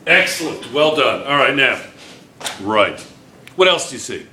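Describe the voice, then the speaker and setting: A man's voice: mid-range voice, big pitch swings, unhurried, bright, forceful tone, roomy sound, a little hiss or hum. A male chemistry teacher lecturing a classroom, firing questions at students and repeating key points.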